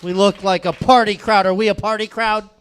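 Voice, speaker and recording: A man's voice: high-pitched, fairly even intonation, brisk, a bit bright. A man doing a rowdy stand-up comedy set in a comedy club, baiting the crowd and swearing.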